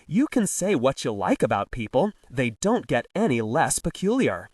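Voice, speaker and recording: A man reading the part of a large, unflappable college porter with a dry, deadpan manner. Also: mid-range voice, normal speed, no echo, distant mic.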